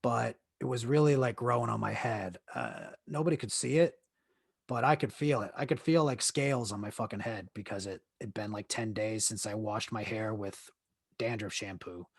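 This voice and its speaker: Gravelly-voiced man telling a rambling crude story. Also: fairly low pitch, normal speed, no room sound, clean studio sound. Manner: rambling, crude and joking, with many restarts and fillers. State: in leg pain while seated. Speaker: podcast host. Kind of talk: casual storytelling monologue.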